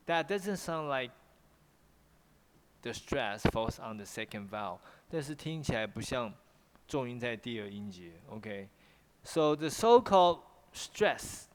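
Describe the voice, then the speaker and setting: A man's voice: on the high side, long reverb tail, noisy background. A man with a Taiwanese accent teaching English pronunciation in an online class, often repeating himself and switching into Mandarin.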